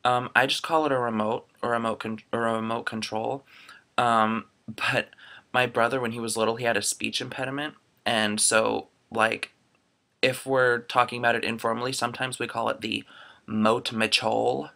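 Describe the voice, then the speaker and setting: A man's voice: medium pitch, flat delivery, normal speed, gravelly, bright, forceful tone. A young man from Florida chatting casually through a dialect survey into his laptop webcam, rambling with lots of ums. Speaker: vlogger.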